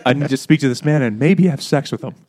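A man's voice: mid-range voice, fast talker, a little mellow, lightly acted. A man putting on a brazen old woman. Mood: suggestive. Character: old woman, blunt and lustful.

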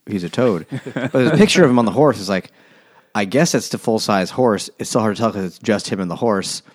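Low-voiced man in casual podcast chat. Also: brisk. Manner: wry, rambling, laughs often. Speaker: podcast co-host. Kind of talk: casual book discussion.

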